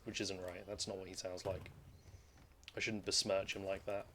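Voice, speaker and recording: A man's voice: low voice, little pitch movement, moderate pace, pushed and bright, slight background noise. A man streaming gameplay, rambling and joking casually as he plays, swearing freely. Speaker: streamer playing a video game. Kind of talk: casual live gameplay commentary.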